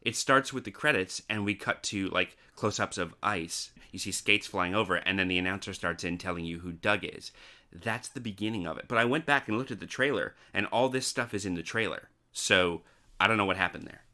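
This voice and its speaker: A man's voice: low-pitched, brisk, sharp tone. A man hosting a podcast, chatting casually about a film with dry, explanatory asides. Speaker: podcast host. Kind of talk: casual movie-review chat.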